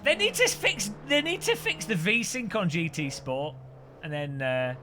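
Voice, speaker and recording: Man, Midlands accent, higher voice, jokey live gaming chatter, car engine noise behind. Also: lively intonation, a little slow. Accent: English Midlands. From English Midlands. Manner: chatty and jokey, talking while racing. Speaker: streamer. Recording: noisy with race car sounds.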